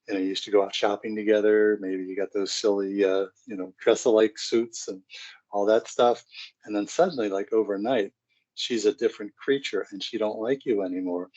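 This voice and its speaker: Middle-aged man, low voice, conversational seminar speaker, dull lo-fi audio. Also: darkish tone. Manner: conversational, acts out scenes. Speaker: psychologist speaking to parents. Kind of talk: parenting seminar talk.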